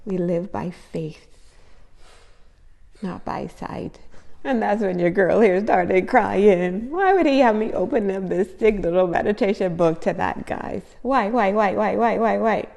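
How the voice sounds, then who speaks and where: A woman's voice: medium pitch, moderate pace, gravelly, few pauses, darkish tone, in a large hall. A woman talking to her viewers in a casual faith vlog, effusive and emotional, repeating phrases for emphasis. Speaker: faith vlogger.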